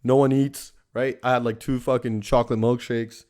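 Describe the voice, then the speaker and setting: A man's voice: mid-range voice, flat delivery, normal speed, darkish tone. A young man hosting a casual storytelling show, rambling and swearing constantly, tagging lines with "right?". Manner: profane, rambling, lots of "right?" tags. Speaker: podcast host.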